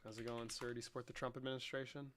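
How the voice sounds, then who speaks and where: A man's voice: medium pitch, little pitch movement, very fast, fairly bright tone. A young man around twenty, casually chatting on a livestream in a joking, sarcastic way and swearing a lot. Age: young adult.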